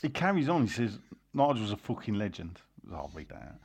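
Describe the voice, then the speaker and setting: A man hosting a casual football podcast, reading listener messages aloud in a slow, deliberate way and rambling between them. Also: on the low side, very animated, darkish tone, breathy edge. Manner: rambling, lots of fillers.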